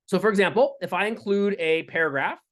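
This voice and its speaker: A man teaching a lecture with live coding, talking in a relaxed way with fillers and restarts. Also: high voice, brisk. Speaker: instructor.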